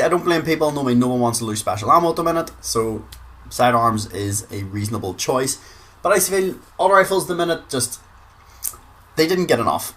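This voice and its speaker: A man from Northern Ireland makes gaming videos, commenting casually in a mid-range, fairly bright voice. He chats away, swears without restraint, and doubles up on words to stress them.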